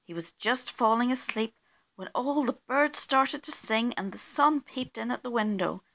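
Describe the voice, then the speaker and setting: A woman reading a children's picture book aloud, slow and expressive, acting out the sound effects. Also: a little high, vocal fry. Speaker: children's story reader.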